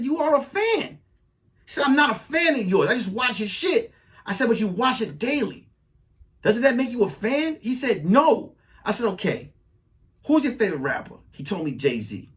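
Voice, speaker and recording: Male podcast host, comic monologue, high and lively delivery, swears freely. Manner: animated storytelling, profane, riffs on a crew member. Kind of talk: casual comedic monologue.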